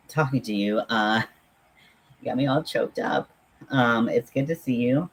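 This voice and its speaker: A man hosting a casual livestream, chatting in a halting, friendly way with many pauses and fillers while talking to viewers at home. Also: on the low side, slightly rough, low-quality recording. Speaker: livestream host.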